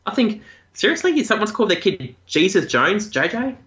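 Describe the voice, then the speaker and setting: Lively man in an echoey room. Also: moderate pace. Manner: animated, laughs often, jumps up in pitch for emphasis. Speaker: podcast co-host. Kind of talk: casual chat. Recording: echoey, dull lo-fi room sound.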